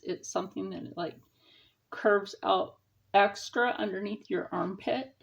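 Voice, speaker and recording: A woman's voice: mid-range voice, creaky. A middle-aged woman hosting a casual sewing tutorial, chatting and explaining each step as she sews. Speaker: sewing channel host.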